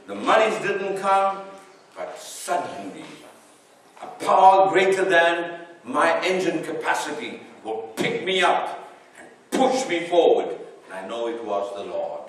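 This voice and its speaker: A man preaching slowly and deliberately, his voice rising and falling in wide, lively swings. He sounds a little far from the mic, and his words ring through a very echoey hall. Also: sits high. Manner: animated preaching, swelling and dropping his voice. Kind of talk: sermon.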